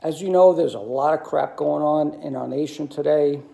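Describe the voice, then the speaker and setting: A man, telling stories in a halting monologue full of ums and uhs. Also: a little high, gravelly, dark tone. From New York City. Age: 60s. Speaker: video commentator. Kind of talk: monologue to camera.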